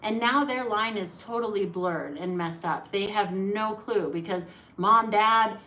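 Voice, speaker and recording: A woman's voice: medium pitch, a little slow, bright, forceful tone, slight background noise. A woman who teaches acting, talking casually to camera in a chatty, emphatic way, often checking in with "right?".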